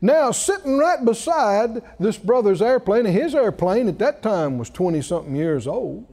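A man's voice: high voice, sing-song, normal speed, warm tone. A male preacher delivering a sermon, telling a story with laughter and rising exclamations. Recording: reverberant hall.

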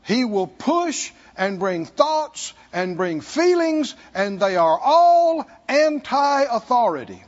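A man preaching a sermon to a congregation, speaking slowly and pausing for asides to his listeners. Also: extremely high pitch, very animated. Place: church hall. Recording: dull sound in a hall with long reverb.

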